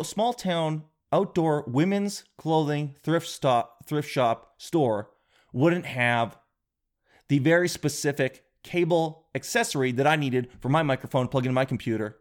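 Male podcast host, rambling comic monologue, lively and jokey, slightly higher voice. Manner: animated, rambling, jokey storytelling.

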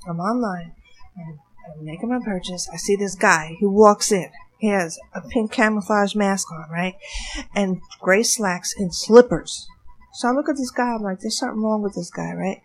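Animated woman telling a wild story. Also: medium pitch, normal speed. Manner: animated, breathless, laughing through the story. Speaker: storyteller, former bartender. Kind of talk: casual storytelling chat.

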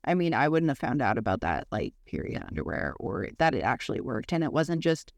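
Brief: young adult woman podcast co-host, very animated pitch, casual and profane, dry close mic. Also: a little fast, creaky, few pauses, no room sound. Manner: lively, swears freely, acts out quoted voices. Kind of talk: casual storytelling chat.

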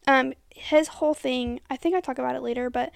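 High, gravelly young woman telling a crime story. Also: brisk, no room sound, clean studio sound. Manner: chatty, many "like" fillers, drops to soft half-whispers. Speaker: podcast host. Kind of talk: casual true crime storytelling.

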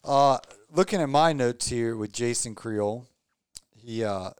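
A man's voice: medium pitch, unhurried, a little mellow, smooth, no echo, clean studio sound. A tired man hosting a casual podcast chat, rambling and repeating words, upbeat and joking. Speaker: podcast host.

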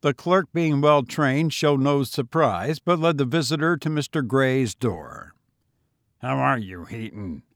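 With a fairly high-pitched voice, a male audiobook narrator delivers scripted narration evenly and in a measured tone. The recording is studio quality, without room sound.

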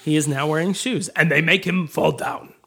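A man co-hosting a casual film discussion, animated and acting out quoted lines. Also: on the high side, normal speed, vocal fry, slightly rough. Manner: animated, acts out quotes in changed voices. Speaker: podcast co-host.

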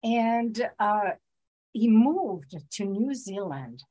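A woman hosting a podcast, bubbly and excitable, laughing often as she introduces her guest. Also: mid-range voice, very slow. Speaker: podcast host. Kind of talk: casual interview chat.

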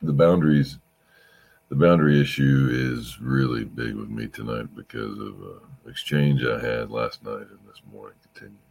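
A middle-aged man hosting a rambling late-night podcast, weary and halting, often losing his thread and sounding emotional. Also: rumbling low, gravelly, a little mellow, highs cut off, a little hiss or hum. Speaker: podcast host.

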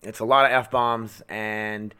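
A man's voice: fairly low pitch, flat delivery, slow pace, bright, forceful tone, clear, resonant tone. A man hosting his own podcast from home, ranting bluntly and angrily with a lot of swearing. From United States. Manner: profane, blunt, goes off on rants. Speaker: podcast host. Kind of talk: angry ranting monologue.

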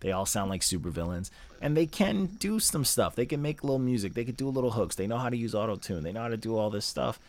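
A man's voice: mid-range voice, animated, fast talker, few pauses, a little mellow. A male podcast host reviewing music in a casual chat, loose and slangy, full of fillers.

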